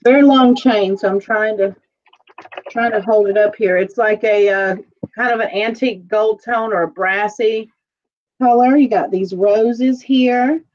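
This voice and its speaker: A chatty woman hosting a casual livestream jewelry auction, laughing easily and talking her way through each item with plenty of "um" and "like". Her voice sits at an ordinary middle pitch, and the audio is dull and lo-fi, like a home stream. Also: unhurried, darkish tone. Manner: chatty, laughs often, describes items with many fillers. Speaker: host of an online jewelry sale auction.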